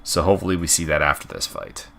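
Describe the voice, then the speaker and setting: Low-voiced guy rambling through fight predictions, lots of ums and uhs, crisp bright tone. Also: steady tone, fast talker. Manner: rambling, many fillers and restarts. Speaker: MMA fight predictions host. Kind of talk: casual unscripted commentary.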